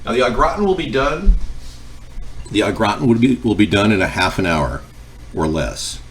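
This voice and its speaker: Rambling male cooking-stream host, low and lively, chatty, home kitchen, faint noise. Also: moderate pace. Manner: rambling, jumps between cooking and chat replies. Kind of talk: casual live-stream chat.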